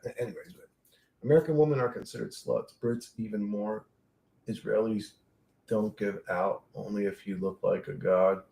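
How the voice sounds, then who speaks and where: A man's voice: fairly low pitch, vocal fry, a little mellow, echoey room, slight background noise. A man hosting a livestream, rambling casually and profanely while reading and answering chat. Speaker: livestream host.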